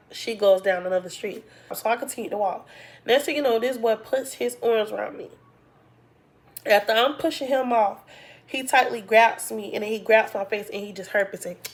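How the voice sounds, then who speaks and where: A woman casually telling viewers a personal story in an animated, colloquial way, using "y'all" and "like" a lot. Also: mid-range voice. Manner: animated, acts out quoted dialogue, heavy use of "like". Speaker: storytime vlogger.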